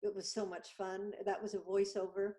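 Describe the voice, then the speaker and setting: A woman's voice: medium pitch, little pitch movement, moderate pace, mellow. A woman voiceover artist chatting as a guest on a video-call interview, enthusiastic and talkative.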